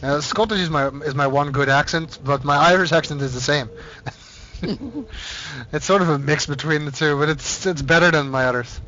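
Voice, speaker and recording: A man's voice: fairly high pitch, moderate pace, pushed and bright. A man with a Dutch accent chatting casually while playing a game on stream, rambling and easily distracted. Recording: dull lo-fi sound with faint hiss.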